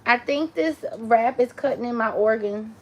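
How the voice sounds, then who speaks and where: A woman's voice: on the high side, moderate pace. A woman hosting a casual live stream from home on her phone, chatting with viewers and cooing baby talk to her dog. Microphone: phone camera.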